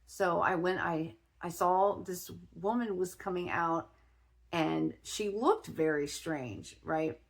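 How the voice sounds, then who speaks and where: A middle-aged woman from Ohio telling a personal story in a chatty vlog, often restarting her sentences and filling pauses. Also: fairly low pitch, gravelly. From Ohio, USA. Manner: chatty, with many restarts and fillers. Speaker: spiritual vlogger.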